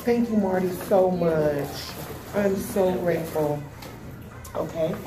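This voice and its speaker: A woman's voice: fairly low pitch, takes it slowly. A woman in her thirties opening gifts at a party, gushing and laughing often in casual chat. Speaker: guest of honor opening gifts. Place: indoor party gathering. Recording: echoey room with loud background noise.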